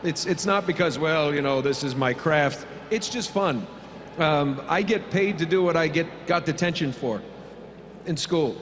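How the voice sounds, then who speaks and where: A man's voice: on the high side, unhurried, a bit bright. Joking man in an echoey convention hall. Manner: rambling, jokey, many fillers. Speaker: voice actor panelist. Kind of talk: convention panel Q&A answers. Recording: reverberant convention hall, faint hum.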